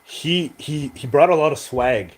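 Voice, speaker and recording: A man's voice: on the high side, a little slow. A man co-hosting a podcast in casual chat, hesitant, with many fillers and restarts. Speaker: podcast co-host.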